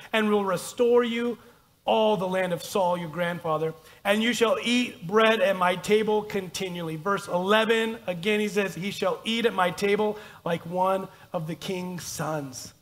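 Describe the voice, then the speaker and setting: A man's voice: high voice, fairly bright tone. A man pastor preaching a conversational, self-deprecating sermon and reading scripture aloud in a church. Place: church sanctuary.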